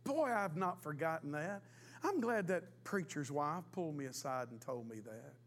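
A man's voice: fairly high pitch, expressive, normal speed. A man in his fifties, a pastor, preaching a sermon in a folksy storytelling way with emphatic repetition. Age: 50s.

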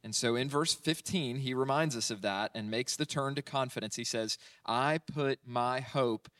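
Working verse by verse through a psalm, a male pastor preaches in a relaxed, conversational style, tossing in "right?" often and using many fillers. He speaks at a moderate pace with a medium, fairly bright voice, recorded from afar in a space with no room sound.

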